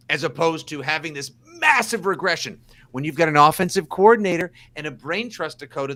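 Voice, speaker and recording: Boston sports podcast co-host, sarcastic, bright tone, theatrical outbursts. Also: male voice, on the high side. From South Shore of Boston. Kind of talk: casual sports chat.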